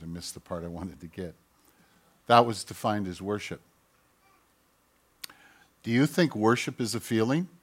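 A man with a voice on the low side preaches a sermon, reading scripture aloud with loud, emphatic peaks and quiet asides. He clears his throat often and corrects himself.

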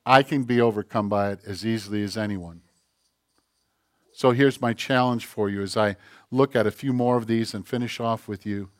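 A middle-aged man preaching a sermon, animated and self-mocking, firing off rhetorical questions. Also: on the low side, normal speed, no echo, clean studio sound. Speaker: pastor.

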